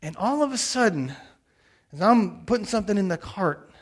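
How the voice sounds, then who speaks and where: A man's voice: sits high, expressive, normal speed. A middle-aged man preaching a sermon, earnest and telling a personal story as a pastor. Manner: earnest storytelling with quoted blessings.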